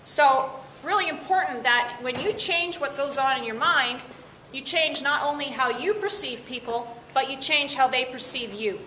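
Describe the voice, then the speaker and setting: A woman leads teenagers through a lively workshop, tossing questions to the room. Her voice is bright and a little high. The classroom sound is echoey with a faint hiss behind her. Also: normal speed. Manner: upbeat, asks the class questions. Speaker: workshop presenter. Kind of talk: interactive talk to teens.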